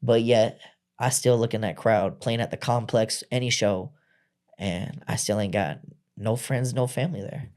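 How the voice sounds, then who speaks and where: A man's voice: lowish voice, moderate pace, a little mellow. Blunt, profane man telling his story. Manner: blunt and profane, acts out quoted voices. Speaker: podcast guest, rapper. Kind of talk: candid personal storytelling.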